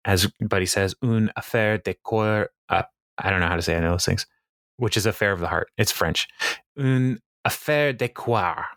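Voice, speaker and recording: Low-voiced man recapping a show. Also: a bit bright, no echo, studio quality. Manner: chatty, many fillers, quotes characters with laughs. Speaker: podcast co-host recapping an episode. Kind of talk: casual chat, retelling scenes.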